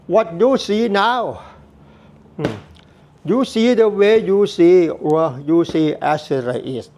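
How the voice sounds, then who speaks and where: Slow, earnest man giving a Buddhist talk. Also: high-pitched, animated, darkish tone. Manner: repetitive, earnest, non-native phrasing. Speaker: Buddhist teacher. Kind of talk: slow spoken Dharma talk.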